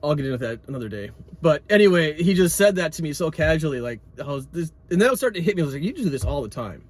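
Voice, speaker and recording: A man's voice: fairly high pitch, expressive, fast, no room sound. A man telling a travel story casually while driving, rambling with frequent restarts. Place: moving car. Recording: road noise in a car.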